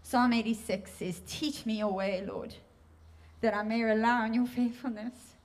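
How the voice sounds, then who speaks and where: Woman, preacher, church sermon, higher voice, earnest, emotional. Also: steady tone, measured pace. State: tearful at times.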